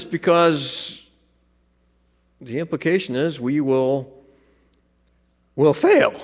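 A man preaching a sermon in a relaxed, conversational way, with joking asides. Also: a little high, slow, pauses often, big-room sound. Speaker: pastor.

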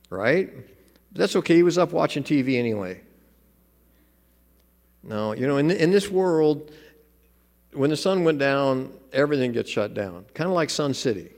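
A man preaching a sermon in a relaxed, conversational way, with joking asides. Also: medium pitch, big-room sound. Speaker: pastor.

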